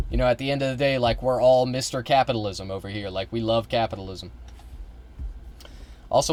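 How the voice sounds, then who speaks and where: A young man streaming, reacting to a video in a rambling, halting way, with casual swearing. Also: medium pitch.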